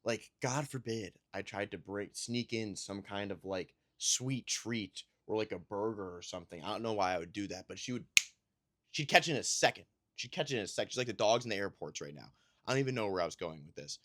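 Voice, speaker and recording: A man's voice: fairly low pitch, brisk, no room sound, studio quality. A man chatting casually about his week as a new father, telling rambling, self-deprecating stories. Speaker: podcast host and new father. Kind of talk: casual chat.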